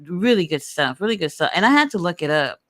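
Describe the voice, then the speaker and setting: A woman hosting a casual wrestling chat show, talking in an animated, blunt way and swearing freely. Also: lowish voice, fast talker, no room sound. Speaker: podcast host.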